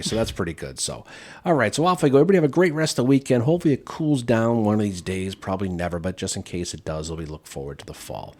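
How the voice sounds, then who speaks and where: A man's voice: fairly low pitch, lively intonation, fast, darkish tone. A man co-hosting a history podcast in casual chat, upbeat and joking as he wraps up the show. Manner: upbeat, wrapping up the show with jokes. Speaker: podcast co-host.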